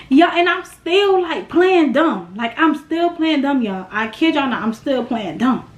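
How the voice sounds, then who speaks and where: A woman's voice: high voice, animated, a little slow, few pauses. A young woman telling a storytime tale to her viewers in a blunt, profane, dramatic way. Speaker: storytime vlogger. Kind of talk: casual storytime chat. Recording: roomy echo.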